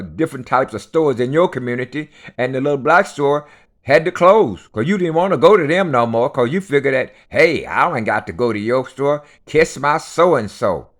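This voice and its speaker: A man delivering an unscripted rant, blunt and profane, lecturing his listeners and hammering each point home with repetition. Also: mid-range voice.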